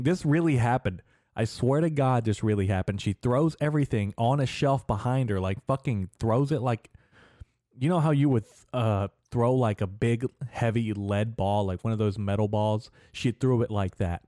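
A man's voice: mid-range voice, warm tone, no echo, studio quality. A young man hosting a podcast, telling rambling stories about shopping trips and swearing a lot as he gets worked up. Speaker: podcast host. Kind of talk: casual storytelling rant.

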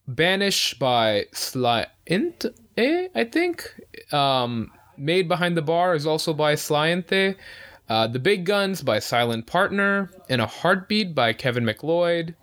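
A man's voice: on the high side, fairly bright tone. Casual man reading podcast announcements. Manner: offhand, self-deprecating. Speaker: podcast host.

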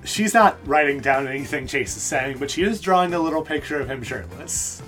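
A game master narrates a tabletop session in a casual, chatty way. The pitch moves a lot, and the speech is full of fillers. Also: fairly quick, soft background music. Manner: animated, with frequent fillers.

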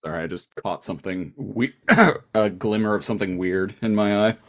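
Male podcast co-host, deep voice, loose chatty recap full of restarts. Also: steady tone, normal speed. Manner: rambling with many fillers and restarts. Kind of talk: casual chat recapping a cartoon episode.

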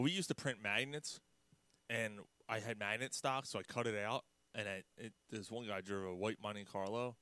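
A man telling prank stories in casual chat, animated, with loud mimicked outbursts. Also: lowish voice, clear, resonant tone, dry recording. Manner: animated storyteller, loud mimicked outbursts, laughs mid-story.

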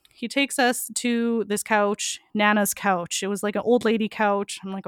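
A woman's voice: on the high side, steady tone, a little slow, clear, resonant tone, no room sound, studio quality. A young woman telling a frank story as a podcast guest, laughing often and saying "like" a lot. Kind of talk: casual storytelling.

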